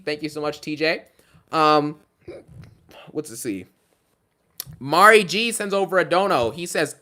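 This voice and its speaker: Bright, chatty male streamer. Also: on the high side, expressive, normal speed. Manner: chatty, thanks each donor, rambling asides. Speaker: streamer reading donations. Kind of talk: casual live rant.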